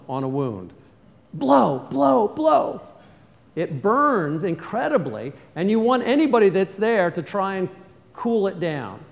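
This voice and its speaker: An earnest male pastor delivers a sermon in a slightly high voice, rising for emphasis and sinking to soft, low passages. His words carry a long reverb from a large sanctuary. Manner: earnest, varies loudness, often drops to a soft low tone.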